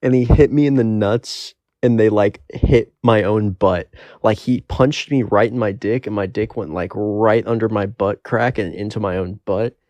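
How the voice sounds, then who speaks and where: A man's voice: fairly low pitch, normal speed, hardly any pauses, dark tone, dry recording. A young man telling a rambling, profane story in a casual storytime monologue.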